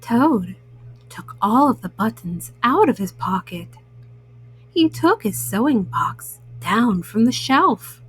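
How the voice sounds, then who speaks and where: A woman reads a children's bedtime story in a gentle, soothing voice. Her voice sits high and lilts up and down. She takes the lines slowly, speaking to young listeners. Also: very animated, husky, soft background music, rough recording.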